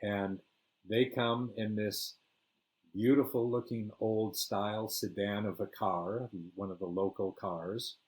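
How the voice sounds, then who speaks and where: An older man telling a first-person travel story, relaxed and rambling with fillers. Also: lowish voice. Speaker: storyteller host.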